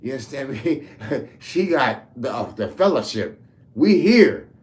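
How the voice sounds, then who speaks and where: A man's voice: mid-range voice, lively intonation, normal speed. A man ranting heatedly to camera, profane and rambling. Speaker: commentator. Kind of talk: political rant to camera.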